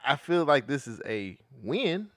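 Man, podcast co-host, casual slangy talk, lively swooping pitch, dry close sound. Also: unhurried, dry recording. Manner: animated and slangy, with frequent profanity. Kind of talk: casual chat.

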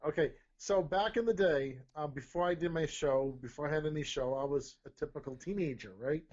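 A man's voice: a little high, brisk, a little mellow. A middle-aged man from Rhode Island hosting a casual podcast chat, rambling, repeating himself and checking in with "okay?". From Rhode Island, USA. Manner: rambling, repeats words and says "okay?" often. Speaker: podcast host. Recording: dull lo-fi audio.

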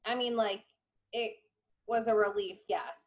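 A woman's voice: medium pitch, fairly even intonation, unhurried, lo-fi sound. A young adult woman from upstate New York, chatting casually with friends in an emphatic, rambling way. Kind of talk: casual chat among friends.

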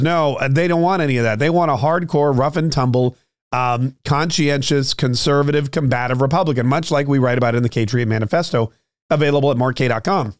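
A man hosting a solo political commentary show, talking straight to his listeners with many fillers and restarts, his throat a little rough. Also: medium pitch, fairly quick, no room sound, studio quality. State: clearing his throat, slightly choked up. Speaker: political podcast host.

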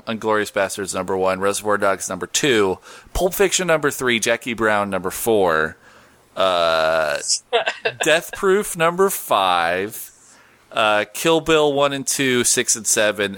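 A man's voice: on the low side, sing-song, measured pace, fairly bright tone, smooth, no room sound. A man hosting a podcast, chatting casually and jokingly, reading listener posts and plugging shows. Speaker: podcast host.

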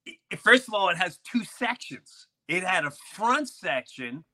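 Guy on a podcast rambling through old stories, super bright edgy voice, bit on the high side. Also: measured pace. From grew up in a city neighborhood near an airport. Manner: animated, with many restarts and acted-out quotes. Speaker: podcast host. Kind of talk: casual storytelling chat.

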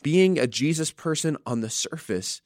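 A man's voice: on the high side, expressive, moderate pace, dry recording, studio quality. A male pastor giving an earnest sermon, telling a story and reading scripture with dramatic emphasis.

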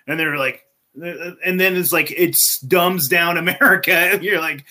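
Bright-voiced, excitable profane man. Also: fairly high pitch, measured pace. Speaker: podcast co-host. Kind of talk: casual podcast chat.

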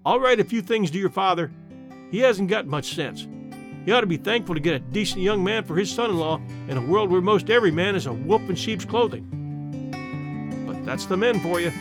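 In this story reading, a man plays an old country aunt who is blunt, sharp-tongued and dry, speaking plain rural talk matter-of-factly. He sounds high and animated, moves fairly quickly, and music plays underneath.

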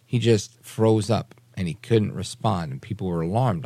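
Gravelly-voiced male political talk host. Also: fairly low pitch, normal speed, mellow, no room sound. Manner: emphatic, repeats phrases for emphasis, mimics people he discusses. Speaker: radio show host. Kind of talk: opinionated political talk commentary.

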